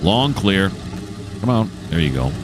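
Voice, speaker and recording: A low-voiced man rambles through a train simulator session, his pitch swinging widely as he thinks aloud and teases himself. Loud idling engine noise from the game runs under his voice. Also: big pitch swings, unhurried. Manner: thinks aloud, chatty and self-mocking. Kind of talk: casual gameplay commentary.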